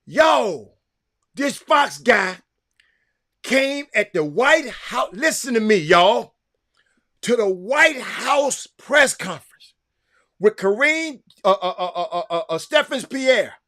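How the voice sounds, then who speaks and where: Guy ranting hard at his viewers, high bright voice, preachy and fired up. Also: big pitch swings, slow pace. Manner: fired-up, preachy, addresses listeners as y'all. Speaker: commentator. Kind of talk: impassioned political commentary.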